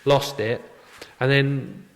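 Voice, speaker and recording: A man's voice: medium pitch, takes it slowly. A man co-hosting a casual podcast, telling rambling stories full of fillers and restarts. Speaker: podcast co-host, tackle shop worker. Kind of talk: casual chat. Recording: echoey room with long reverb.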